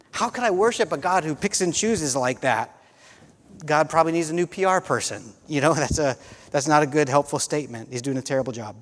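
A man preaching a sermon as a pastor, conversational, often restarting phrases and saying "you know.". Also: fairly high pitch. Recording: long hall reverb.

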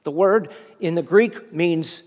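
A male preacher delivers a sermon as lively storytelling, stumbling over and repeating words as he goes. His voice sits high for a man. Long reverb from a big hall hangs behind every phrase. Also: slow pace. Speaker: preacher, fundraising minister.

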